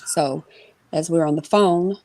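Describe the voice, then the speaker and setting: A woman giving an interview, telling a personal story in a quick, conversational way with many fillers and restarts and imitating the people in it. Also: sits low, a little mellow, dry recording. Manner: voices others in her retelling. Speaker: interview guest. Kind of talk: emotional personal account in an interview.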